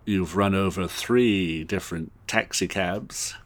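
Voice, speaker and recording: A man's voice: low voice, takes it slowly. A man voicing a stiff middle-aged British tour company boss in a put-on English accent, formally scolding an employee. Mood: stern. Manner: prim, formal reprimanding.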